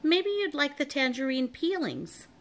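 An eager, brave little boy from a storybook, chirpy and keen, as a woman reads him aloud. He speaks a little higher and brighter than the storyteller. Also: big pitch swings, unhurried, heavily acted. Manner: bright and eager, lifted pitch.

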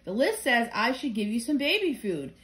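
A woman voicing a cheerful, literal-minded housekeeper with a bright, chirpy, drawn-out sweetness while reading a storybook. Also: on the high side, sing-song.

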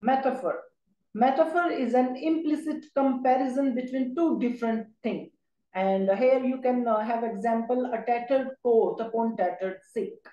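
Woman, exam tutor, slightly high and soft-toned, hesitant delivery full of fillers, roomy echo. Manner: halting, with many "uh" fillers. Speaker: exam-prep teacher. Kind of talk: recorded lecture. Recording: echoey room.

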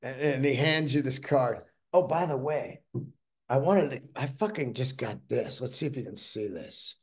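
A man's voice: mid-range voice, moderate pace. A man hosting his own podcast solo, rambling along in a casual, profane, enthusiastic way. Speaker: podcast host.

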